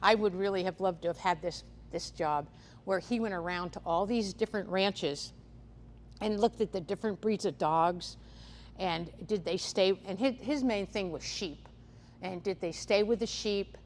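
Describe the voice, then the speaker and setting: A woman's voice: mid-range voice, moderate pace. A woman giving a conference seminar on livestock guarding dogs, talking casually with many fillers and restarts. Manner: conversational, frequent "um" fillers and restarts. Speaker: seminar speaker on livestock predators. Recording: echoey hall, faint background noise.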